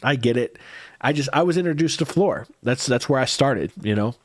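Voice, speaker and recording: A man's voice: mid-range voice, expressive, moderate pace, dry recording, clean studio sound. A man with a head cold, tired and congested, hosting a music reaction livestream and answering viewer comments in casual chat.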